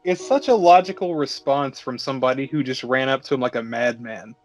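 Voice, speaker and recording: A man's voice: medium pitch, brisk, slight background noise. A man co-hosting a casual podcast, recapping a film with jokes and plenty of swearing. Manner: joking, profane, acts out scenes. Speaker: podcast co-host. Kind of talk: casual movie recap chat.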